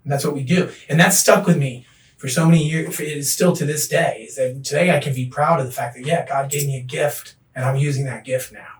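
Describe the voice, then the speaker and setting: A middle-aged man, a podcast guest, telling his recovery story in an earnest, animated way. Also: on the high side, fairly quick, far from the mic. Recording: echoey room, voice off-mic.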